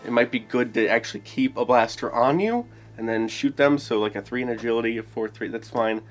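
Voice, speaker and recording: Male host of a tabletop game guide, mid-pitched, chatty and enthusiastic, thinks out loud. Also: a little fast, faint music behind. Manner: rambling, thinks aloud, enthusiastic. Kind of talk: casual game explanation.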